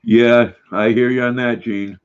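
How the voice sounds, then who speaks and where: An older man hosting a casual livestream, slowly reading out viewer comments and cooing fondly at his dog. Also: medium pitch, flat delivery, clear, resonant tone. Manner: slow, folksy, reads comments aloud and coos at his dog. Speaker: livestream host. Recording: slightly dull lo-fi sound.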